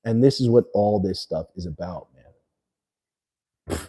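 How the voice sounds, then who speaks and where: A man's voice: deep voice, measured pace, mellow, husky. A man hosting a livestream, talking loosely and slangily to his chat after a few beers. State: a little tipsy. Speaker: livestream host. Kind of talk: casual livestream rant.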